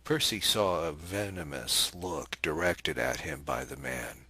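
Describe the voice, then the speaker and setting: A man narrates a novel in a deep voice with an unhurried, measured pace. His tone is bright yet husky, and the recording is close and dry with no room sound. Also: lively intonation, dry recording. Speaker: audiobook narrator.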